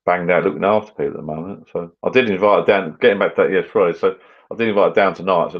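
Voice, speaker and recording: Speaking rapid-fire in a deep voice, this middle-aged livestream host rambles and mumbles through a casual chat over drinks, reading out comments. He's in a garden bar shed at home, and the recording sounds muffled.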